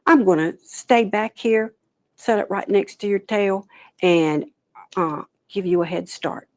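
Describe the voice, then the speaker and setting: A woman's voice: mid-range voice, a little slow, dry recording, natural voice. Woman doing a boastful tricky old turtle. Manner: boastful, indignant. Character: boastful tricky male turtle, pond owner.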